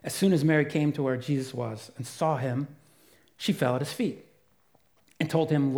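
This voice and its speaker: A man preaching a sermon as pastor, earnest and emphatic, dropping to a soft voice for quiet moments. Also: a little high, steady tone, moderate pace, long pauses.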